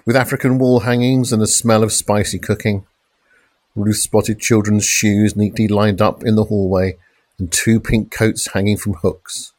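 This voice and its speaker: Guy narrating a gritty crime thriller, lowish voice, dry close sound. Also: no echo. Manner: measured, dramatic crime reading with shouted police lines. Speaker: audiobook narrator. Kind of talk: scripted narration.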